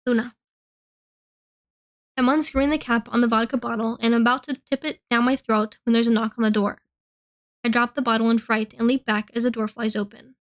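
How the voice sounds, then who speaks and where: A woman reading a novel aloud in the first person, telling the story in an expressive, earnest way. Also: on the high side, lo-fi sound. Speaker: reader.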